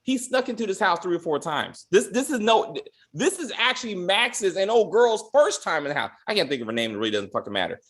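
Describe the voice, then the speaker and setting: A young man talks through a TV episode in a casual recap chat, exasperated and profane. His voice sits a little high and swoops widely as he acts out mock quotes. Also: big pitch swings, a little fast, hardly any pauses, fairly bright tone. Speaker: podcast co-host.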